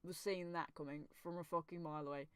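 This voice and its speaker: A young woman chats through a manga chapter with a smooth, clean voice. Her delivery is casual and full of swearing and quick laughs. The sound is dry and close, with no room around it. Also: deep voice, fairly even intonation, dry recording. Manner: swears freely, laughs often, reads lines aloud. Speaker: manga reaction youtuber. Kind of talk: casual reaction commentary.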